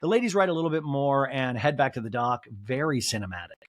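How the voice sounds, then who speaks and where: A man hosting a podcast who recaps a reality show in a joking, animated way and acts out the quotes. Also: mid-range voice, fast talker, no echo, studio quality. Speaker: podcast host. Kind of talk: comedic TV recap.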